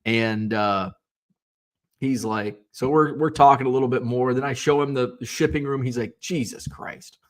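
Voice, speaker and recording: A man's voice: mid-range voice, fairly even intonation, normal speed. A middle-aged man casually telling a story in his home basement, rambling with lots of fillers and restarts and the odd swear word. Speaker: card collector and seller. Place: home basement shipping room.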